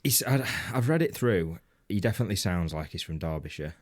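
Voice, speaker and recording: A man's voice: deep voice, lively intonation, a little fast. A man co-hosting a comedy podcast, telling a rambling anecdote in casual banter, laughing often and swearing freely. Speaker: podcast co-host.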